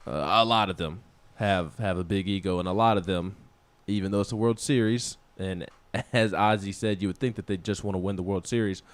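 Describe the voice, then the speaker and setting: A man with a low voice chats casually about sports, circling back and restarting his sentences as he goes. The studio sound is dry and close, with no room around him. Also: fairly even intonation, brisk, hardly any pauses, no room sound. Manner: rambling, many restarts, laughs at himself. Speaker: co-host of a sports talk show. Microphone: studio microphone.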